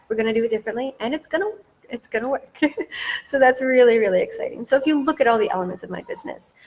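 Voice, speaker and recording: A woman business coach giving a masterclass, talking with eager, repetitive emphasis. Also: mid-range voice. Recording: long hall reverb.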